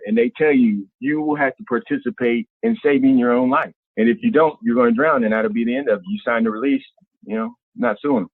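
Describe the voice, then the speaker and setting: A lively man from Ohio spins his stories in loose, slangy talk and jumps high and low as he acts out what others said. His voice is tinny and narrow, like a phone call. The sound is dry and close, with no room around it. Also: a little fast, dry recording. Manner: animated, colloquial, acts out quotes with big pitch jumps. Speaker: guest, former basketball player. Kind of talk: casual storytelling.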